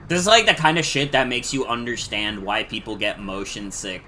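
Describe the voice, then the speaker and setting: A man talks through a retro game on stream in a loose, rambling way, swearing freely and filling gaps with "like." His voice is bright and forward, at an ordinary middle pitch. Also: normal speed, slight background noise. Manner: chatty, profane, heavy filler words. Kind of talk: casual gameplay commentary.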